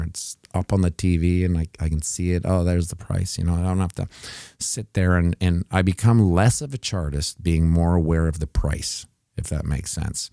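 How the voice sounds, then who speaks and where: A man's voice: low voice, vocal fry, dark tone, no room sound, clean studio sound. A man hosting a casual livestream, rambling and joking through market commentary with many restarts. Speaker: host of a crypto price livestream. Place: home setup with TVs.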